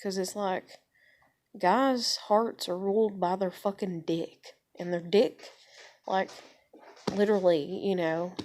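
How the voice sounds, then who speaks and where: A woman's voice: mid-range voice, steady tone, takes it slowly, a little mellow. A woman in her thirties ranting to camera in a casual vlog, rambling, heavy with swearing, upset and near tears. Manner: profane, rambling, heated. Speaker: vlogger.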